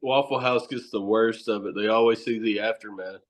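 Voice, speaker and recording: A man's voice: lowish voice, fairly even intonation, moderate pace. Profane, laughing male storyteller. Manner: profane, rambling storyteller who laughs often. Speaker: guest, wrestler and horror host. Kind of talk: casual podcast chat.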